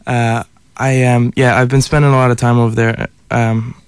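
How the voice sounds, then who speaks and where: A young male singer-songwriter talks easily on a live radio show, laughing often and pausing to hunt for words. The recording is close and dry, with no room sound. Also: mid-range voice, flat delivery, clear, resonant tone, no echo. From Ireland. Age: young adult. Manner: easygoing, laughing, hesitant with fillers.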